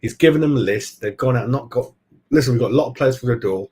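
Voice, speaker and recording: A man's voice: medium pitch, fast, warm tone, husky. Chatty man who keeps saying "mate". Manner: rambling, replies to viewers mid-stream. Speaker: football fan channel host. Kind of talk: casual live-stream chat.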